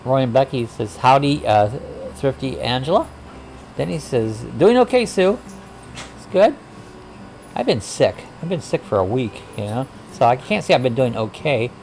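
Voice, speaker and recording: Gravelly folksy man hosting a livestream. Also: mid-range voice, lively intonation, moderate pace, darkish tone, a little hiss or hum. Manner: folksy, greets viewers with howdy; rambling, frequent uh fillers. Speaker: livestream host. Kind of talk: casual chat, reading viewer comments.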